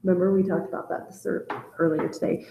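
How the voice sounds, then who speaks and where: A woman's voice: fairly low pitch, steady tone, fast talker, roomy sound, background noise. A woman teacher leading a casual storytelling class discussion, talking in a conversational, hesitant way with many fillers.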